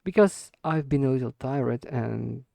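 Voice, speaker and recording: A man records himself practicing spoken English, speaking slowly and stressing certain words. His voice is mellow and gravelly, with a dry, close sound. He hesitates often and repeats words while he hunts for the right one. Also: mid-range voice, dry recording. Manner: deliberately slow with stressed words. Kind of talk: unscripted speaking practice monologue.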